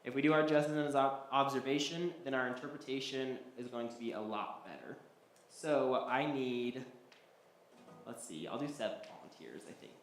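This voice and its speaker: A man's voice: medium pitch, normal speed. A man teaching a Bible study class, talking loosely with many ums and restarts. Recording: echoey hall, faint background noise.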